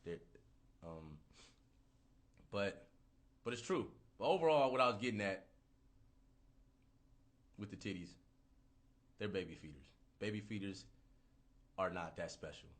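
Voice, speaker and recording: A man in his thirties ranting casually on a livestream, profane, rambling and animated. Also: fairly low pitch, unhurried, pauses often. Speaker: livestream host.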